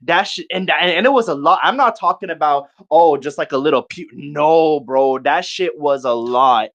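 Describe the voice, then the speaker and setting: A young man in casual podcast chat, telling a long party story in an animated, profane way and acting out his friends' lines in quick bursts. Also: fairly high pitch, muffled recording.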